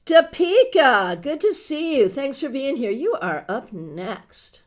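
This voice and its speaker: A woman's voice: high-pitched, big pitch swings, unhurried, noisy background. A middle-aged woman hosting a tarot livestream, chatting with viewers and reading their comments aloud with emotion. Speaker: tarot reader host.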